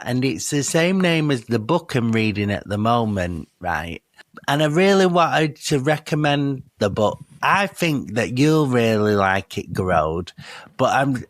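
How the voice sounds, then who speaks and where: Mancunian male co-host, lively pitch, dry close mic, chatty and teasing. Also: no echo. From Manchester, England. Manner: playful, mock-offended, chatty. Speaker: podcast co-host. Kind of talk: casual comedy podcast chat.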